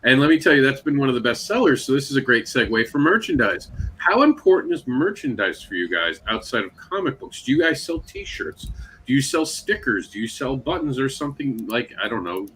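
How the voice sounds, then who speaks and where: Guy hosting a panel, bright voice, animated storyteller, little bit of hiss behind. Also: mid-range voice, fairly quick, rough recording. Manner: animated storyteller, acts out quotes. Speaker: panel host. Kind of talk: casual panel chat.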